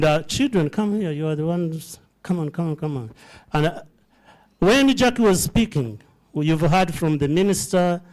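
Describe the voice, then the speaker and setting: High, slow man preaching to a crowd. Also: clear, resonant tone. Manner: preacherly, addresses the crowd directly, building to fervent peaks. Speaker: charity founder addressing donors. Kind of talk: emotional fundraising speech. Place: event hall before a live audience.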